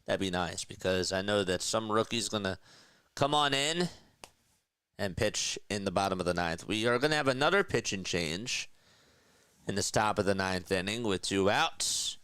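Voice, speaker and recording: A young man doing live baseball play-by-play on his own stream, trading casual talk with his chat between pitches. His voice is fairly low yet bright and crisp, recorded dry and close on a desk mic. His calls of each pitch jump up in pitch and energy. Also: normal speed, no echo.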